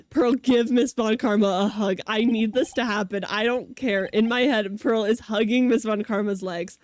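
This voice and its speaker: A woman's voice: fairly high pitch, steady tone, normal speed, hardly any pauses, no room sound, clean studio sound. A young woman streaming a game playthrough, chatting casually and freely swearing as she reads the dialogue aloud. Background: faint game music.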